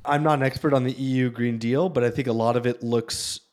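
A man speaking as a venture capitalist on a panel discussion, casual and loose, with many fillers and animated asides. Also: mid-range voice, quick pace.

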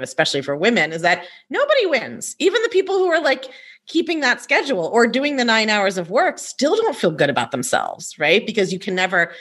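A woman coach hosting a podcast, talking casually and animatedly and often tagging her points with "right?". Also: medium pitch. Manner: animated, frequent "right?" tags.

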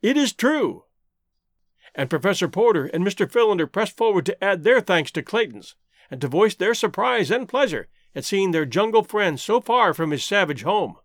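A man narrates an old adventure novel with an expressive, theatrical delivery. His voice sits high and moves a lot. The recording is dry and close. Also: normal speed, no echo. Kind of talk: audiobook narration.

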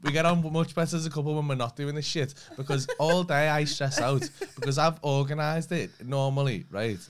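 A man's voice: a little high, brisk, smooth. A man co-hosting a comedy podcast in casual chat, ranting in exasperation and swearing freely. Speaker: podcast co-host.

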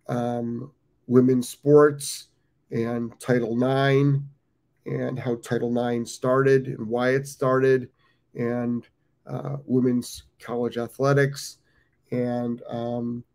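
Gravelly-voiced fifty-something American man rambling. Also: medium pitch, warm tone. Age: 50s. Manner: rambling, repeats phrases, frequent ums. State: has the hiccups. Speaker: dog training show host. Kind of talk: casual live-stream talk.

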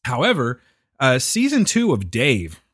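Laid-back man, lively pitch. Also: measured pace, slightly rough, dry recording, studio quality. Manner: laid-back, joking, rambling. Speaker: podcast co-host. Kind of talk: casual chat.

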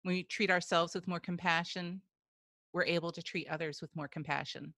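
Bright, effusive lady podcast host, dry close sound. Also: lowish voice, steady tone, moderate pace, no echo. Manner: effusive, emotionally responsive. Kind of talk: podcast interview.

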